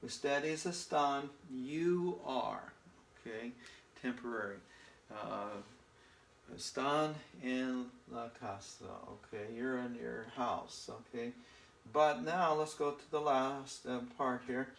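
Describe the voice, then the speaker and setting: A man's voice: mid-range voice, vocal fry, a bit bright, roomy sound, slight background noise. A man teaching a Spanish lesson, explaining patiently and repeating himself, often checking in with "okay?". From northern United States. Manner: slow and repetitive, checking in with "okay?". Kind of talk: slow, patient classroom lesson.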